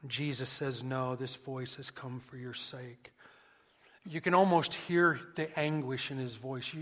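A man preaching a sermon, emphatic and questioning the listeners, swinging between loud stresses and hushed lines. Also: on the high side. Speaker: pastor.

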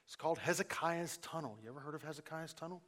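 A man preaching a sermon, who asks the congregation questions and uses dramatic pauses, moving between loud emphasis and near-hushed lines. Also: fairly high pitch, long reverb tail. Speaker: pastor.

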